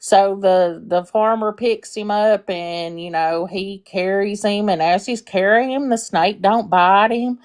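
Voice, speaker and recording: Brief: earnest female caller, casual, relaxed storytelling. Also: mid-range voice, a little slow, few pauses, clear, resonant tone. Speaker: caller on a live stream.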